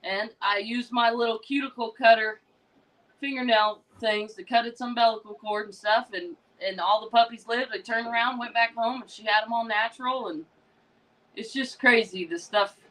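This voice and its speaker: An American woman tells a story in a chatty, matter-of-fact way. Her voice is a little high. It sounds distant, as if she sits well back from the microphone. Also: normal speed, a bit bright. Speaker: interview guest, dog breeder. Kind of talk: casual storytelling. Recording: distant voice, away from the mic.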